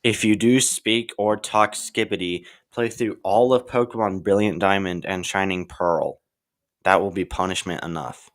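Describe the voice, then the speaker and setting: A man's voice: deep voice, fairly even intonation, unhurried. A man hosting a silly comedic talk show, rambling and stumbling through his list with many ums and likes. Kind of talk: silly sketch monologue.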